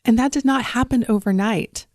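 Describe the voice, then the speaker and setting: A woman's voice: on the high side, normal speed, darkish tone, no room sound, studio quality. A woman from the southern United States with a faint Southern accent, hosting a podcast as a life coach and talking straight to listeners in an earnest, encouraging way. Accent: faint Southern American. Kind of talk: solo podcast monologue.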